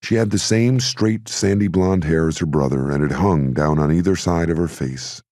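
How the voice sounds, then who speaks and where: A man narrates an audiobook from a script, keeping his delivery steady and measured. His voice is low-pitched, and the studio sound is clean with no echo.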